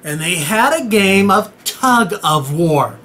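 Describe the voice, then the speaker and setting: A man's voice: high voice, expressive, slow pace, sharp tone. A man telling an old myth as a comic, irreverent story, joking and talking straight to the audience. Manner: acts out voices and noises in the tale.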